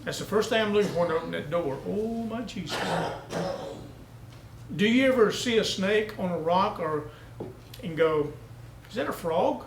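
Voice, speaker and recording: A man's voice: high voice, moderate pace, echoey room, slight background noise, poor audio. A male pastor preaching a sermon, telling down-home country stories and building to emphatic peaks. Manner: folksy storytelling preacher, rising to emphatic peaks.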